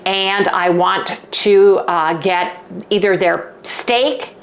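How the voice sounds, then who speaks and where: A woman's voice: medium pitch, fairly even intonation. A woman from Southern California with a Southern Californian accent, chatting casually and rambling in her home kitchen for her vlog. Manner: chatty and rambling, quick to apologize. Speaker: channel host.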